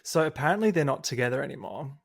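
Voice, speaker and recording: Gravelly, upbeat Australian man. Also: medium pitch. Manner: bubbly and energetic, quick to laugh. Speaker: podcast host. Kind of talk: casual chat recapping a reality show.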